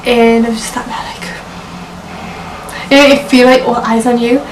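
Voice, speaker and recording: A woman's voice: on the high side, little pitch movement, normal speed, a little hiss or hum. A young woman telling her personal story in a vlog, chatty and full of "like" and "you know". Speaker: vlogger. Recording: roomy echo from a distant mic.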